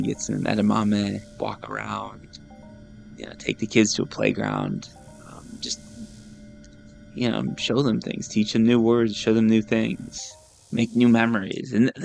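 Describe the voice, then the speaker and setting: A man in his thirties talks casually over gameplay with a low, gravelly voice. He rambles and restarts, with a self-deprecating humor. Soft music plays faintly behind him. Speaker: gaming YouTuber host.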